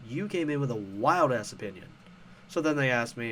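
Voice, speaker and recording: A man's voice: medium pitch, expressive, brisk, fairly bright tone, slight background noise. A man hosting a casual commentary show, ranting about online arguments in a profane, sarcastic, heated way. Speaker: host.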